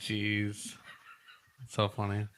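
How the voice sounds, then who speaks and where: Bright-voiced man hosting a comedy show. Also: lowish voice, monotone, extremely slow, slight background noise. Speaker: host. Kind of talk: comedy podcast banter.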